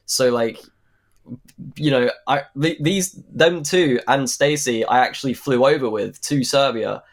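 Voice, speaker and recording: A man's voice: mid-range voice, measured pace. A young man, an actor, chatting in an interview, rambling with lots of fillers and restarts. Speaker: actor guest. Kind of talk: casual interview chat.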